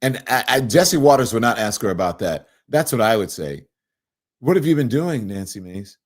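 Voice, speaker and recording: A man's voice: medium pitch, expressive, moderate pace. A man hosting a live political talk show, talking casually and animatedly, laughing often and reading viewer comments aloud. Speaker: host.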